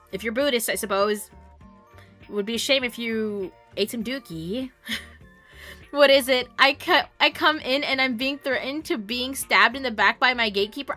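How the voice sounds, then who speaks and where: Playful young canadian streamer girl, bright highish voice, teasing chat w faint game music under it. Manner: playful teasing, bursts of laughter and mock insults. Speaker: variety streamer. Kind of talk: casual chat reading stream chat.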